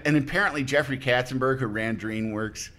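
A man's voice: mid-range voice, a little fast, fairly bright tone. A man on a podcast as a guest, chatting casually and telling a rambling anecdote, often breaking off mid-sentence and acting out what people said. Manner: rambling, self-interrupting storyteller who acts out quotes.

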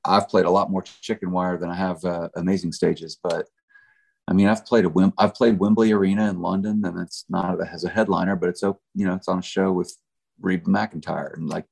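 Middle-aged country music guy, real low gravelly voice, rambling easy chat. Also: fairly even intonation, a little fast, a little mellow. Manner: laid-back, rambling, lots of fillers. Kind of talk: casual storytelling chat.

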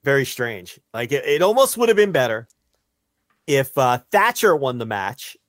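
A man's voice: mid-range voice, normal speed, no echo. A man co-hosting a podcast in casual, profane, rambling chat. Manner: animated, profane, rambling with restarts. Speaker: podcast co-host.

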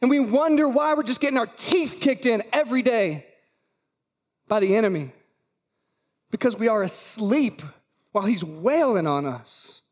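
Emphatic, high-voiced male pastor preaching. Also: expressive, normal speed, long pauses. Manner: emphatic, with rhetorical questions and repetition. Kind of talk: sermon. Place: church service.

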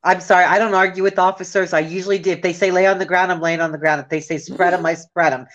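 A woman's voice: fairly low pitch, steady tone, quick pace, fairly bright tone, highs cut off, a little hiss or hum. A woman co-hosting a podcast in casual chat, joking and telling stories. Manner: joking, storytelling. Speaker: podcast co-host.

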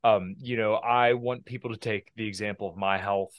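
A man hosting a podcast, talking in a laid-back, halting way with many fillers. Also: fairly low pitch, steady tone, no room sound, highs cut off. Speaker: podcast host. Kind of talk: casual podcast interview.

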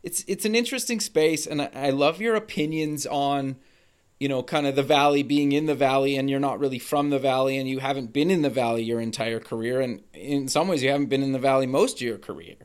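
A man's voice: mid-range voice, brisk, smooth. A man hosting a podcast interview, chiming in with agreement and speaking in loose, filler-heavy phrasing. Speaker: podcast host.

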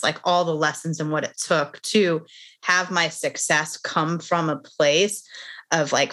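A woman's voice: sits low, pushed and bright. A middle-aged woman, a podcast guest and author, telling a personal story in an earnest, candid way.

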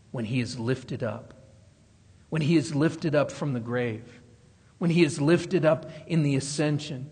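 Husky-voiced preacher in a reverberant hall. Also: male voice, fairly high pitch, a little mellow. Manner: emphatic, repeating key phrases and building intensity. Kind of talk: expository sermon. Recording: long reverb of a large hall.

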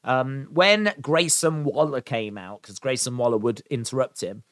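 Male reviewer, mid-pitched, casual and enthusiastic recap delivery, lots of fillers, dry close sound. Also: normal speed, a bit bright, no echo. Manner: chatty, with frequent "uh" and "um"; enthusiastic about the show. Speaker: wrestling show reviewer.

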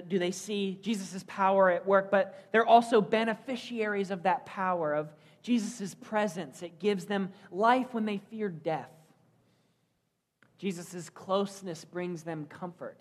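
A man's voice: sits high, a little slow. A man preaching a sermon as pastor, earnest, telling the story and asking rhetorical questions.

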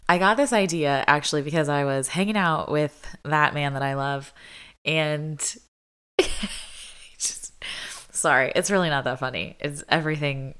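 A woman's voice: a bass voice, fairly bright tone, smooth. A young adult woman vlogging in a casual, chatty way, filling her talk with "like" and laughing often. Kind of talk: casual chat.

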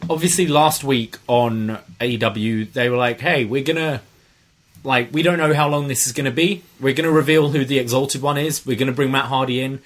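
Enthusiastic young man in podcast banter. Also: medium pitch. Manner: enthusiastic, quick-witted banter. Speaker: podcast co-host. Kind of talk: casual wrestling review chat.

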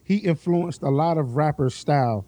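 A man's voice: on the high side, normal speed, dark tone. A man co-hosting a casual podcast who runs through details and track lists. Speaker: podcast co-host. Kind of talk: casual chat.

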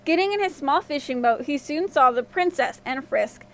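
This scripted fairy-tale narration comes from a woman with a high voice, recorded for a podcast. She reads at a normal speed, with an expressive, lively touch that keeps the plot moving.

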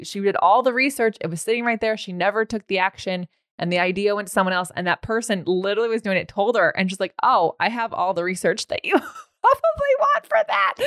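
A woman's voice: medium pitch, fairly bright tone, dry recording, studio quality. A woman hosting a podcast, chatty and informal, filling her speech with "like". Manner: chatty, peppered with "like" and laughs. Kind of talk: casual podcast conversation.

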